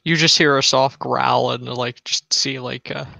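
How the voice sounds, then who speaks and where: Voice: mid-range voice, steady tone, a little slow, creaky, sharp tone, no echo. A player in a tabletop game, chiming in with brief, dry replies.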